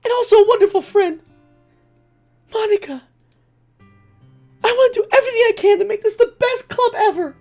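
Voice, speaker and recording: A streamer voicing a high, sweet teen club president in a visual novel, earnest and caring. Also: female voice, normal speed, long pauses, a little mellow, soft background music.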